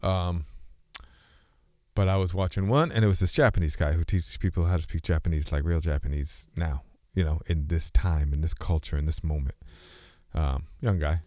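A man with a deep, very low voice muses aloud in a loose, wandering casual philosophical monologue, halting and restarting sentences and now and then slipping between speech registers. His intonation stays fairly even and his speed is normal. The recording is close and dry, with no room sound.

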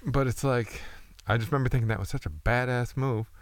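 A man's voice: mid-range voice, a little fast, no room sound. A man hosting a casual chat, telling loose, profane, rambling stories with frequent restarts.

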